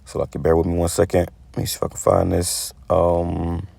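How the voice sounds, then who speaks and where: A man with a lowish voice preaches in a loose, rambling way, tripping over and repeating his words. When he reads scripture he slows right down and weighs each phrase. The sound is dry and close, with no room around it. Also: completely flat delivery, vocal fry, darkish tone, dry recording. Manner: reads scripture slowly and deliberately. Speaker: street preacher. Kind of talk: casual preaching monologue.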